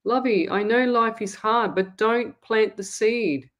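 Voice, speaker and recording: A woman's voice: on the high side, fairly even intonation, takes it slowly. An Australian woman hosting a live-stream, reading out viewer comments and answering them in a blunt, emphatic way. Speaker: psychic medium host.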